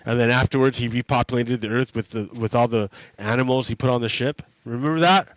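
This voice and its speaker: A man's voice: mid-range voice, quick pace, no echo, dull audio. A man streaming, retelling stories in a rambling, profane way full of restarts. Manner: rambling, profane, self-correcting. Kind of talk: casual rambling storytelling.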